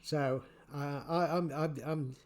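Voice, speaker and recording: A man giving casual spoken commentary, halting and repeating his words, chuckling often. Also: a little high, fairly even intonation. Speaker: vlogger.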